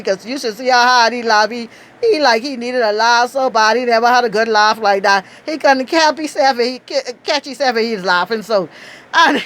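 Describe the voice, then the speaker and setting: A middle-aged Bahamian woman with a Bahamian accent, telling a lively, outspoken story and laughing often. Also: moderate pace. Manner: animated, outspoken, laughs often, acts out quotes in high bursts. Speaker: travel storyteller. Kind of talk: casual storytelling.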